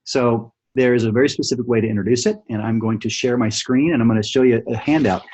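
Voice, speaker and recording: A man's voice: mid-range voice, fast talker, darkish tone, husky, lo-fi sound. A man running a sales training over a shared screen, coaching in a casual way that keeps checking in with "right?" and "okay?". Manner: coaching, repeats "right?" and "okay?", thinks aloud with fillers.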